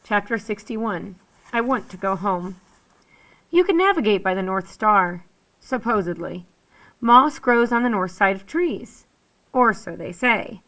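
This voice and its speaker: A woman teacher reading a children's novel aloud, lively and expressive, giving each character a voice. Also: medium pitch, measured pace, poor audio. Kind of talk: storybook read-aloud.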